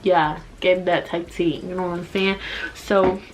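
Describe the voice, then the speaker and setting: A woman in her twenties from the Washington DC area, telling a story to camera in a casual, animated, profane way. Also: lowish voice, a little slow, a little hiss or hum. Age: 20s. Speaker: vlogger. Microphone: compact camera mic.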